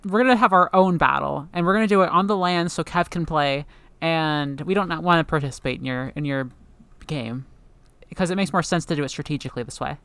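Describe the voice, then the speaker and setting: A woman's voice: deep voice, a little fast, a bit bright, clear, resonant tone, no room sound. A woman voicing an earnest teenage demigod girl eager to lead.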